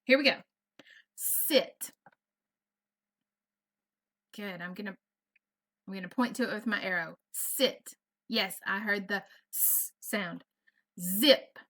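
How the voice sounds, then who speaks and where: A woman with a medium-pitched, slightly bright voice teaches an online first grade phonics lesson at a moderate pace. Patient and encouraging, she carefully over-enunciates each sound, captured by a computer mic on a video lesson.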